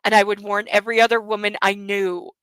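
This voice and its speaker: Casting: a blunt, sarcastic woman reading a book aloud, bright crisp voice, dry close sound. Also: mid-range voice, flat delivery, a little fast, dry recording, rough recording. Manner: sarcastic, indignant, blunt with swearing. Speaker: book club reader and commentator.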